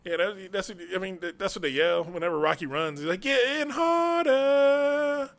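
A man co-hosting a comedy podcast in casual banter, loud and animated, slipping into movie impressions. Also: high-pitched, fast talker. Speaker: podcast co-host. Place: podcast studio.

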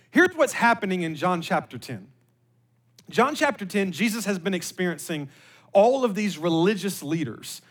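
A male pastor giving a conversational sermon, joking with the congregation and reading scripture slowly and deliberately. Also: high-pitched, fairly bright tone. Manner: conversational, joking, with repeated words.

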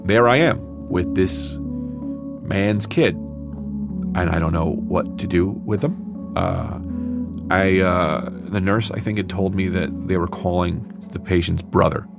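A man telling a personal story aloud, animated and acting out the people in it. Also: sits low, slow pace, over music.

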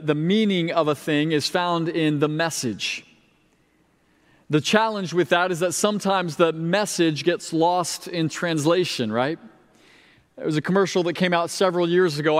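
A man preaching a sermon as pastor, in a conversational, lightly humorous manner. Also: on the high side. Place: church sanctuary. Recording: long reverb of a large hall.

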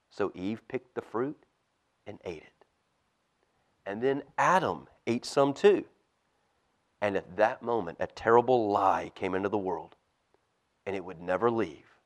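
A man, a pastor, reading a storybook aloud to children in church with expressive, animated storytelling. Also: on the low side, a little slow, pauses often. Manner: expressive storytelling, lively swings in loudness.

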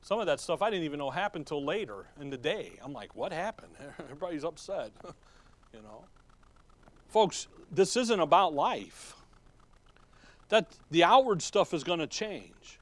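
A man's voice: fairly high pitch, big pitch swings, a little slow, pauses often. A man preaching a folksy sermon, asking the congregation questions and chuckling as he goes. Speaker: pastor.

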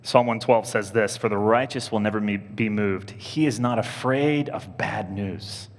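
A man preaching as a priest, telling stories in a lively, animated way and leaping up in pitch when he mimics other people. His own voice sits fairly low. The sound rings with a long reverb from the church around him. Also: measured pace. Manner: animated storytelling, jumping high when quoting others. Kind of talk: sermon.

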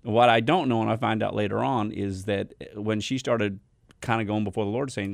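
A middle-aged man, a traveling minister, telling a story casually with quick asides. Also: fairly low pitch, fairly even intonation, vocal fry, dry recording, clean studio sound.

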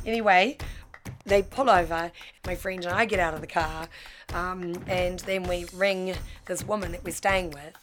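A woman's voice: lowish voice, moderate pace, noisy background. A middle-aged woman, telling her own life story frankly and acting out the voices in it. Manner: frank, animated, acts out quoted voices. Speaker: guest storyteller. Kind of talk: personal storytelling.

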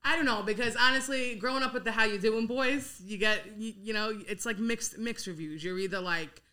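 A young woman with a Queens New York accent, chatting frankly as a guest about home cooking and gardening, blunt and quick to swear. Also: fairly high pitch, sharp tone. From Howard Beach, Queens, New York. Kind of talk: casual podcast chat.

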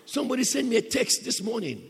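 A man preaching a sermon as a pastor, impassioned, surging from hushed lines to shouts. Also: extremely high pitch, very animated, fast, gravelly, in a large hall, slight background noise.

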